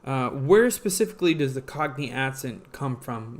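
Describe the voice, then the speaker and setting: A man's voice: medium pitch, expressive, normal speed, few pauses. A man hosting a casual livestream, rambling with many fillers and casual swearing. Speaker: livestream host.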